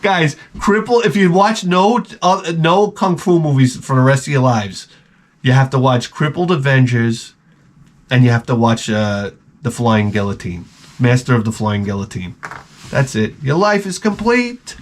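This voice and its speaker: A middle-aged man hosting his own channel, telling rambling, profane stories in a casual, animated way. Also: mid-range voice, normal speed. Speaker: channel host. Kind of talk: casual storytelling to camera.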